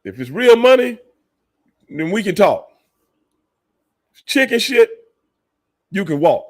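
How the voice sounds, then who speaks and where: Hosting a relaxed livestream, a high-pitched ex-wrestler speaks slowly with big pitch swings. He's blunt and profane with his chat, calling viewers by name and laughing a lot.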